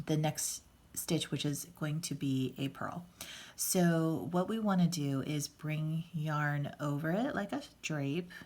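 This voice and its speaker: A woman teaching a casual hands-on knitting tutorial, patient and chatty, with fillers and restarts as she explains each step. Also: sits low. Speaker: knitting instructor.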